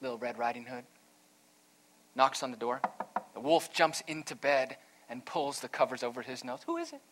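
A man's voice: mid-range voice, steady tone, moderate pace, fairly bright tone. Earnest man preaching a sermon. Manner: earnest, emphatic, storytelling. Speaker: pastor.

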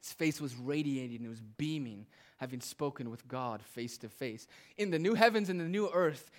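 Man preaching with big swings in volume. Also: mid-range voice. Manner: preaching with dramatic swings between loud emphasis and hushed asides. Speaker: pastor. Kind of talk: sermon.

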